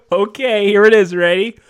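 A man co-hosting a comedy podcast, joking in a mock-serious way that swings from soft to loud. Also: high voice. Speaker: podcast co-host. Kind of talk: casual comedy banter.

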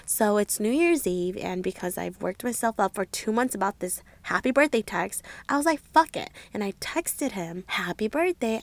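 A young woman telling a dramatic dating story in a casual vlog, animated, swinging between hushed whispers and loud exclamations, swearing and laughing at herself. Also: mid-range voice, gravelly, dry recording. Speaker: vlogger.

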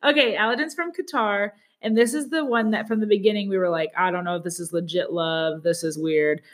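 A woman's voice: mid-range voice, fairly even intonation. Woman podcast co-host, chatty and gossipy, casual recap voice. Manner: chatty, gossipy, quotes people in quick asides. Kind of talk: casual chat.

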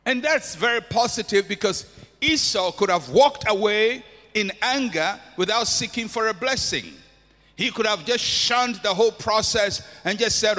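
A man's voice: sits high, unhurried, pushed and bright. A man preaching a sermon with an impassioned, repetitive cadence in a church hall. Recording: long hall reverb.

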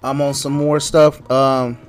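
A man's voice: mid-range voice, flat delivery, slow, soft background music. Playful laughing man hosting a chat. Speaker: host. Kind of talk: casual phone chat.

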